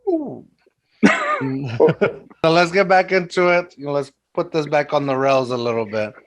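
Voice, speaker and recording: A man's voice: fairly high pitch, huge pitch swings, measured pace. A man with a Mexican accent hosting a podcast in casual, joking chat, swearing freely. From Texas. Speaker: podcast host.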